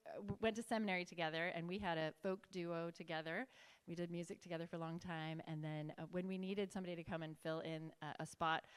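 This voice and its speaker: A woman's voice: on the low side, clean tone. Talk like a woman opening a workshop on a handheld mic: chatty, friendly, circling back to fix your words. Let the sound carry the long reverb of a big hall. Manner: chatty, self-correcting. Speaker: workshop leader. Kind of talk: presenting a church workshop. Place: large conference hall. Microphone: handheld microphone.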